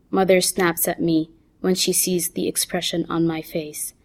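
A woman reads her own short story aloud in the first person. Her voice sits slightly low, and she takes a very slow, calm pace. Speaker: author reading her own stories. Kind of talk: story reading.

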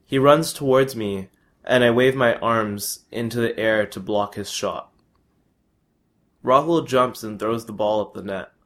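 A man's voice: lowish voice, unhurried, a bit bright. Young man reading a personal story. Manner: plain, matter-of-fact reading.

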